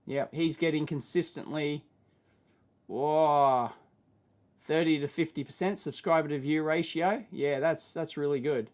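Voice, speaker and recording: An Australian man with a nasal, slightly whiny voice chats loosely on a livestream. He rambles, repeats himself and keeps checking in with his audience, pausing now and then to clear his throat. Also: a little high, darkish tone. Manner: rambling, self-deprecating, frequent "right?" tags. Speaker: livestream host. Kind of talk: casual livestream chat.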